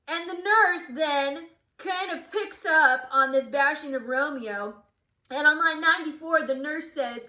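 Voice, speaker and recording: A woman's voice: high voice, measured pace, bright, forceful tone. A woman teacher giving a recorded literature lesson, explaining the plot and acting out the quoted lines. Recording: echoey room.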